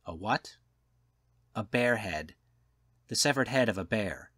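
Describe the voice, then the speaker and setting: A man's voice: fairly low pitch, lively intonation, unhurried, fairly bright tone, slightly rough, no room sound, studio quality, full character voice. A man voicing a worldly, cynical male journalist who lectures in a knowing, slightly raised voice, in an audiobook reading. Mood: amused storytelling. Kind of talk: audiobook character voice.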